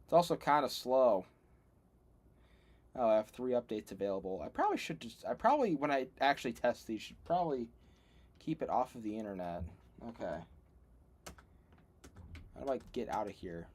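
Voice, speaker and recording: A man's voice: mid-range voice, animated, normal speed, long pauses, a little mellow. Rambling man testing old computers. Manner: rambling, self-deprecating, laughs often. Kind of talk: casual livestream commentary. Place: home room.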